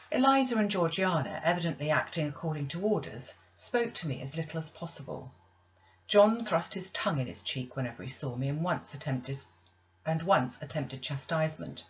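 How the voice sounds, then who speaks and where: Woman reading a classic novel aloud, lo-fi. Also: sits low. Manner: measured, deliberate reading with pauses. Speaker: audiobook reader.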